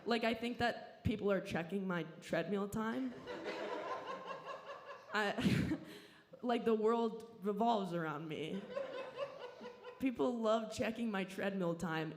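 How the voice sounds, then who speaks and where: A woman's voice: mid-range voice, slow, long pauses, crowd noise. A young woman from Southern California doing a stand-up set on a club stage into a handheld mic, rambling, self-deprecating and swearing freely. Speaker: stand-up comedian.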